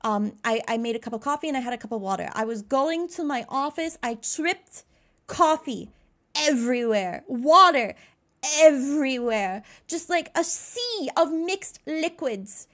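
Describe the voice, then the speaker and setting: Chatty high-voiced young woman streamer. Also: animated, moderate pace, few pauses. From United States. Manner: chatty, greets viewers by name, giggly and self-mocking. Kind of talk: casual live-stream chat.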